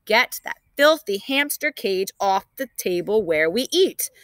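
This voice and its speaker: A firm, rule-minded mother with a bright, lively voice, scolding and kind in turn, as a woman reading a storybook puts her on. The sound is close and dry. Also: medium pitch, a little slow, no echo.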